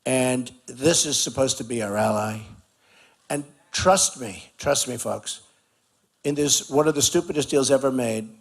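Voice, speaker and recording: A man's voice: mid-range voice, unhurried, vocal fry. A man giving a campaign rally speech at an outdoor barbecue, talking emphatically and repeating his points. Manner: repetitive, emphatic, conversational riffing. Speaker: political candidate speaking at a rally.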